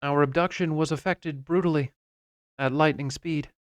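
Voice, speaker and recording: Smooth, crisp male audiobook narrator. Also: on the high side, fairly even intonation, moderate pace, dry recording, studio quality. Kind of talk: first-person novel narration.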